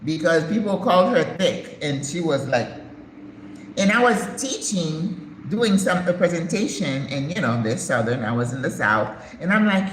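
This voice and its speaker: A woman's voice: fairly low pitch, animated, normal speed. An older woman, a retired nurse practitioner, hosting a casual live chat and telling stories with emphatic, preachy asides. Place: home in Panama. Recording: echoey room with faint background noise.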